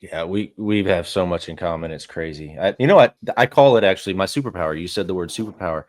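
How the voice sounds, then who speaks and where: A man's voice: deep voice, quick pace, a little mellow. A man hosting an interview podcast, chatting energetically with rambling asides. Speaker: podcast host, business owner. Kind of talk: conversational interview.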